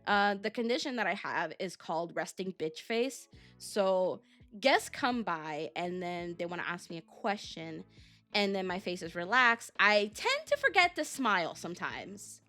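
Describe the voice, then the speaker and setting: A woman's voice: fairly low pitch, unhurried, a bit bright, soft background music. A young adult woman streaming as a VTuber, chatting casually and rambling through a story with lots of fillers.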